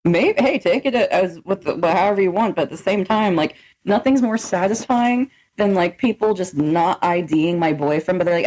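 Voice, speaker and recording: A woman's voice: fairly low pitch, moderate pace, rough recording. Woman, late 20s, podcast co-host, casual chat, giggly, rambly storyteller. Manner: laughing often, rambling, animated storytelling.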